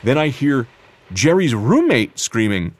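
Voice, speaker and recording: A man telling a personal story aloud, animated and acting out the people in it. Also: medium pitch, a little slow, background noise.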